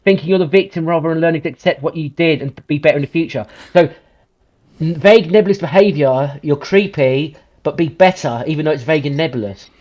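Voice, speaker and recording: A man's voice: a little high, fast talker, a little mellow. Angry ranting man, muffled. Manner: ranting, profane, emphatic. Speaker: podcast host. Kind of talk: heated commentary. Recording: slightly muffled lo-fi sound.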